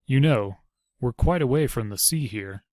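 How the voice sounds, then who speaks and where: A man's voice: medium pitch, expressive, moderate pace, a little mellow, no echo, lightly acted. A man voicing a wry male ranger commander with a dry, teasing humor.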